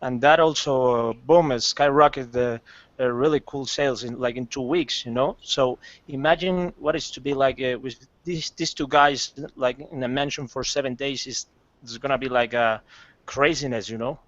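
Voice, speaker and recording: A man with a Colombian Spanish accent calling into a coaching call, speaking eagerly and haltingly in English. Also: steady tone, a bit bright, no room sound. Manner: enthusiastic, halting, says "boom" a lot. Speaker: caller. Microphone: video call. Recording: dry, dull lo-fi call audio.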